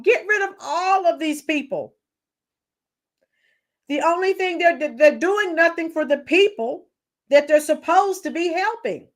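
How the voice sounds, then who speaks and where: High-voiced opinionated woman livestream host. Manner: opinionated, reads out and greets chat viewers. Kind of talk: casual live-chat commentary.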